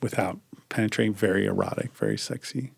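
A man's voice: on the low side, quick pace, creaky, breathy edge, no echo. A man co-hosting a podcast, chatting casually and rambling with lots of fillers and restarts. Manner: relaxed, rambling with many likes and restarts. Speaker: podcast co-host. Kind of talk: casual chat.

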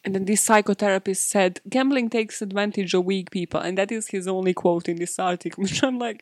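A woman at a mid pitch hosts a comedic true-crime podcast, mixing the story with sarcastic asides and bursts of laughter. Her voice sits dry and close, with no room around it. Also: fast talker, hardly any pauses, no echo. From Serbia. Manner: sarcastic, laughing often, swearing, animated asides. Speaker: podcast host.

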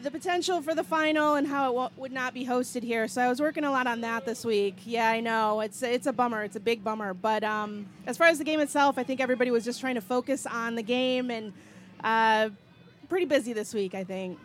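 A woman with a slightly high voice chats as a guest reporter on a pregame show outdoors at a stadium. She weighs her answers casually and hedges her predictions. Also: a little fast. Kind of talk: casual chat.

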